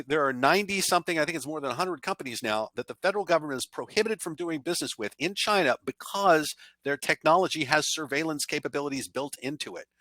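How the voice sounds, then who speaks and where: A man's voice: medium pitch, sharp tone, no room sound. A man presenting a cybersecurity awareness training in a conversational style, giving blunt, emphatic warnings.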